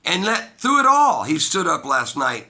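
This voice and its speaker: Solo commentator, male, forceful and bright, rough fry in the voice, swings from loud emphasis to hushed asides. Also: huge pitch swings, a little slow. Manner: emphatic, swings between loud high bursts and low quiet asides. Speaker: political commentator. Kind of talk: solo opinion monologue.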